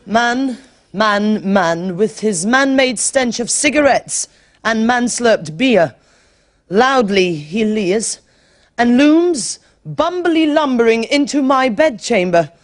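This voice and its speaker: An actress playing a prim wife reciting a bawdy poem in a mock-serious way. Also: female voice, on the high side, expressive, takes it slowly. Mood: mock-solemn. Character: middle-aged wife reading a bawdy poem. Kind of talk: sketch comedy acting.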